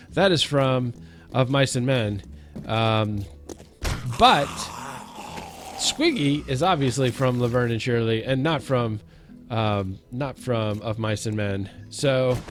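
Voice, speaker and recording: Guy doing goofy let's play commentary, mid pitch, bit of game music behind. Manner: jokey, talks to himself and the zombies, self-mocking. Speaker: gaming let's-play host. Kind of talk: casual gameplay commentary.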